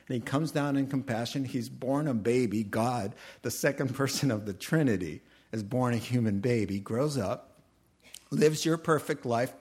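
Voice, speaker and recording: A middle-aged pastor delivers a sermon at an unhurried, deliberate pace, his voice sitting at an ordinary male pitch. He tells stories earnestly and slips into the voices of the people he quotes. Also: a little mellow, breathy edge. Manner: earnest storytelling with quoted dialogue.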